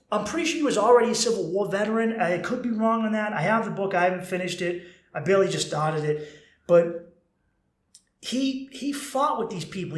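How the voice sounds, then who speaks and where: Blunt, animated man in a roomy space. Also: high-pitched. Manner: blunt, animated, swears freely. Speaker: podcast host. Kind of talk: casual podcast monologue. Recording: roomy echo.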